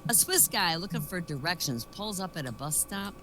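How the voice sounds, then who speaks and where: A woman's voice: on the low side, animated, moderate pace, background noise. A woman doing a stand-up set, chatty and wry, telling jokes in a storytelling way. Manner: chatty, complains wryly, narrates jokes with put-on voices. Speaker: comedian.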